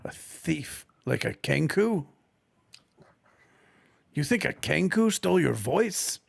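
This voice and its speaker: A man's voice: on the high side, big pitch swings, takes it slowly, creaky. A man playing a tabletop game in character over a video call, dry and exasperated, often stammering on restarts. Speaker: tabletop player.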